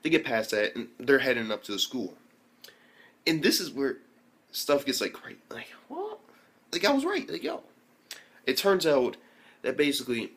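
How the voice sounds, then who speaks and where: A young man recapping an anime episode in casual slang, excitable and full of swearing and fillers. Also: medium pitch. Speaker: anime reviewer.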